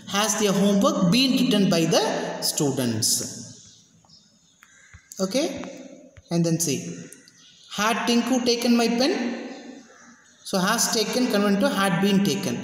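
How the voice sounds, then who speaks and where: Teacher, drilling grammar examples, checks in often; very echoey room with long reverb. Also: mid-range voice. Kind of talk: grammar lesson.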